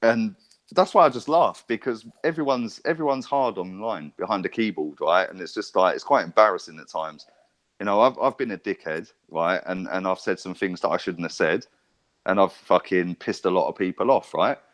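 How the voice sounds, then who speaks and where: A man's voice: deep voice, moderate pace. A man, telling rambling stories and swearing freely as a podcast co-host. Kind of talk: casual chat.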